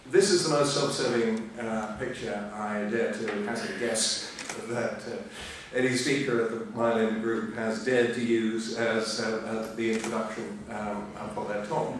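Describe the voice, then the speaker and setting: A man's voice: lowish voice, fairly even intonation, unhurried, hardly any pauses. A man in his sixties giving a lecture as a historian, hesitant and self-deprecating with many fillers. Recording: echoey hall from far off, faint noise.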